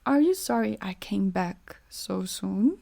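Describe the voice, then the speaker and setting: A woman voicing a cruel nobleman husband, slow, low and threatening. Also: expressive, vocal fry, warm tone, full character voice. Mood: coldly polite.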